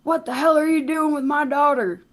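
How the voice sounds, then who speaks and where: A woman's voice: high-pitched, normal speed, voice pushed up, lightly acted. A woman voicing an angry middle-aged shopkeeper father who confronts a priest, in a tabletop game recap. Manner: gruff, hostile.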